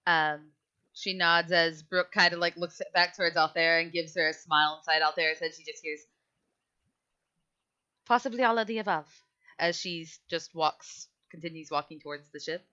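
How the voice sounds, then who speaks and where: Casual woman game master, bright voice. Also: sits low, little pitch movement, normal speed, clean tone. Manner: casual with many fillers. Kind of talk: narrating a tabletop game. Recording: dull lo-fi audio.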